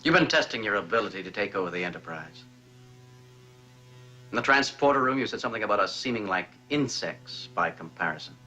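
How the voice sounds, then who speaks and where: A man's voice: on the low side, animated, fairly quick, pushed and bright, soft background music. An actor playing a male starship captain who gives firm orders, in 1960s TV drama acting.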